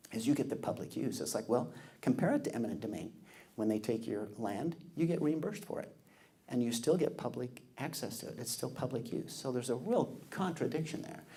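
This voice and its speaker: A man giving a storytelling speech, lively and acting out the people he quotes. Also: medium pitch. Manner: animated, acts out quoted people. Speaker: public speaker.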